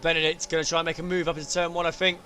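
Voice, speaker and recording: Excitable man calling a sim race. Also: fairly high pitch, very fast, a little hiss or hum. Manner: excitable, rising sharply at incidents. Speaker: race commentator. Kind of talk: sim racing commentary.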